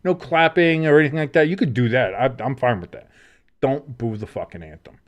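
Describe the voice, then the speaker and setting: A man co-hosts a laid-back sports podcast, rambling, swearing freely and packing his speech with fillers. His voice is medium-pitched and brisk, and the sound is lo-fi.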